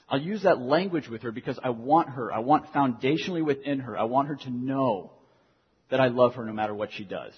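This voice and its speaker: Young male pastor, earnest sermon delivery, slightly husky, lo-fi recording with long hall reverb. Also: medium pitch, brisk. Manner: earnest, repeats key phrases for emphasis. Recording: dull lo-fi sound in a reverberant hall.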